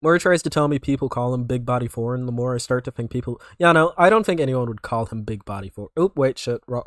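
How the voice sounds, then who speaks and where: A young man from North Carolina hosting casual reaction commentary, rambling and self-correcting with sudden loud outbursts. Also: medium pitch, animated, quick pace, few pauses, dry recording, clean studio sound. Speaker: YouTube reaction host.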